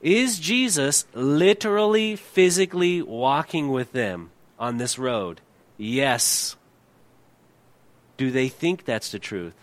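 This sermon comes from a middle-aged pastor who speaks slowly and animatedly on a dry recording. He puts rhetorical questions to the congregation and regularly goes quiet and low to hammer home a point.

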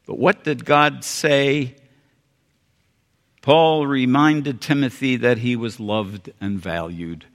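An older American man preaching a sermon, earnest and folksy, repeating phrases and dropping suddenly quiet for emphasis. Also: medium pitch, slow. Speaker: pastor. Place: church sanctuary. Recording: long hall reverb.

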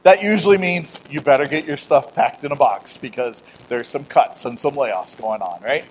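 A middle-aged man preaching a conversational sermon, swinging from loud emphatic declarations to quiet storytelling with self-deprecating humor and acted-out dialogue. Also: mid-range voice, moderate pace, slight background noise, rough recording. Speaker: pastor.

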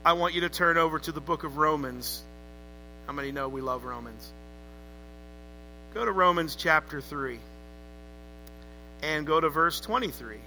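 A man's voice: fairly high pitch, animated, moderate pace, pauses often, bright, forceful tone, soft background music, rough recording. A man preaching a sermon to a congregation, emphatic and calling on them to answer back. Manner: emphatic, calls for congregation responses. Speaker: pastor.

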